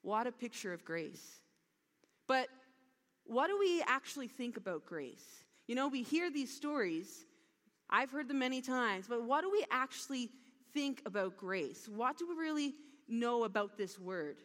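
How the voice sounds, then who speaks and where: A woman giving a sermon, retelling a parable with lively storytelling and acted-out lines. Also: fairly high pitch, unhurried. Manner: animated storytelling with acted-out dialogue. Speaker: preacher. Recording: long hall reverb.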